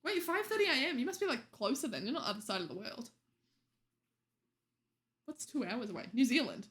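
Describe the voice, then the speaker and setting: A woman's voice: fairly high pitch, big pitch swings, a little fast, a bit bright. A young woman streamer chatting casually with viewers late at night, teasing them and laughing often.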